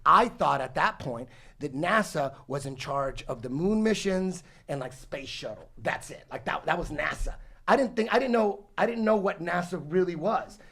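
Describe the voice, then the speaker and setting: A man in his forties telling a long story in casual talk, rambling and animated, swearing often and restarting his sentences. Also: fairly high pitch, moderate pace, creaky, husky. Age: 40s. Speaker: podcast guest telling a story.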